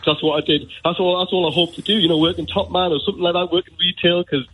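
Racing along in a high, slightly rough, somewhat bright voice with fairly even intonation, a Newcastle caller with a Geordie accent shares an emotional story on the radio. His telling rambles and is full of "you know," and the phone line sounds tinny.

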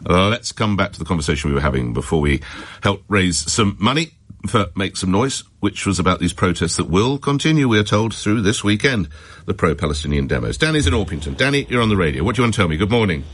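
A man with a low voice presents a talk radio phone-in, briskly and with firm opinions. He is just getting over a cold and keeps things moving between callers and items. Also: big pitch swings, slightly rough. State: recovering from a cold.

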